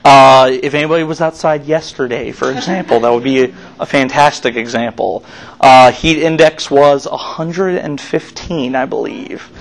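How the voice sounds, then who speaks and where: A man's voice: mid-range voice, fairly even intonation, normal speed, gravelly, rough recording. A man giving a sermon as youth minister in a church, preaching in a casual, chatty way with plenty of fillers.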